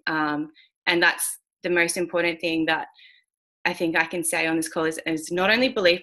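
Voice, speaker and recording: Blunt woman, bright lower voice. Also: fairly even intonation, moderate pace. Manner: frank and blunt, swears, many fillers. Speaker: guest speaker mentoring traders. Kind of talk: candid motivational talk on a call.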